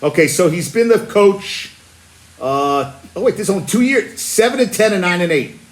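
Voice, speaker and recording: A man hosting a casual sports talk show, animated, laughing often and stammering through restarts. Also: sits high, moderate pace, reverberant, poor audio. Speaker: podcast host.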